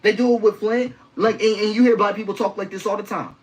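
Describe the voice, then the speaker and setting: A woman's voice: mid-range voice, steady tone, fast talker, low-quality recording. A woman delivering spoken-word style commentary, emphatic and rhythmic, repeating phrases for weight.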